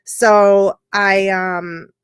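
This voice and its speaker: A woman medium talking on a radio chat show, her voice sitting at an ordinary middle pitch. She tells her stories in a rambling, heartfelt way, often breaking off and restarting her sentences. The sound is dry and close, with no room around it. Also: level tone, very slow, clear, resonant tone, no echo. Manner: rambling, emotional storytelling with many restarts. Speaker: psychic medium guest. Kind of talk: casual radio conversation.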